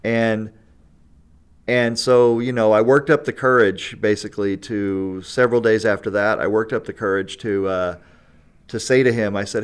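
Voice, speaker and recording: A man's voice: on the low side, steady tone, normal speed, clear, resonant tone. A man telling a long story in a casual podcast chat. He laughs often and keeps checking in with "right?" and "you know". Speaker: guest storyteller.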